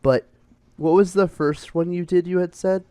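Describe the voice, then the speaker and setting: A man hosting a casual interview, chatty and quick to laugh. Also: high-pitched, fairly even intonation, dark tone, clear, resonant tone, no room sound. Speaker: interviewer host.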